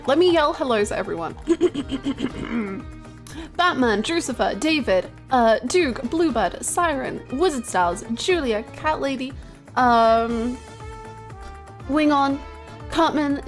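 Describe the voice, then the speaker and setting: A high-pitched woman chats to her stream viewers from her home setup, giggly and playful with a scattered, chaotic energy. She calls out hellos to everyone as quiet music plays underneath. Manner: giggly, chaotic, playful, greets chat by name. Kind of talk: casual live-stream chat with viewers.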